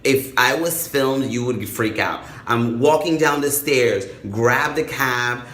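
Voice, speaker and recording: A man's voice: medium pitch, slow pace, a bit bright, roomy sound. A man vlogging casually, telling his story with swearing and acting out the voices in it.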